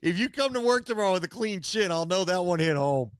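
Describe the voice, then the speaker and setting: A man's voice: sits high, animated, quick pace, dry recording, studio quality. A man co-hosting a casual sports talk show, teasing his partner and telling jokey stories. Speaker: co-host. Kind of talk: casual chat.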